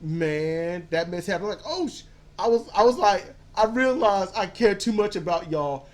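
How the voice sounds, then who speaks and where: A podcast co-host in a casual movie-review chat, telling stories in an animated way and acting out quotes. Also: medium pitch, moderate pace. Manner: animated storyteller, acts out quotes; casual, swears freely.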